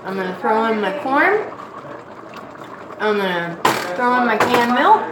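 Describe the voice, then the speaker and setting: A woman with a Nova Scotian accent talks in an unhurried, folksy, self-amused drawl as she cooks in her own kitchen. The room is echoey, and a clear layer of background noise runs under her voice. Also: a little high, big pitch swings. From Nova Scotia, Canada. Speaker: vlogger cooking on a livestream. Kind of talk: casual livestream chat while cooking. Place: home kitchen with a pot boiling.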